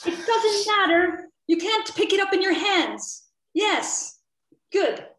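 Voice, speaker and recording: A woman from the southern United States leading an online workshop, lively and playful as she quizzes the group with questions. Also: extremely high pitch, slow pace. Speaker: workshop trainer. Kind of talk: interactive online teaching. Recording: echoey room.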